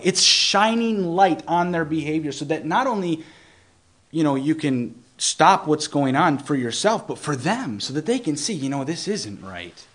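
Man, young adult, informal preacher, earnest, conversational, restarts, deliberate scripture reading. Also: on the high side, expressive, fairly bright tone. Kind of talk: informal Bible teaching.

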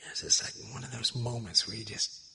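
A man preaching a sermon in church, telling stories with animated, loud peaks and quiet asides. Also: mid-range voice, brisk, slightly rough. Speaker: pastor.

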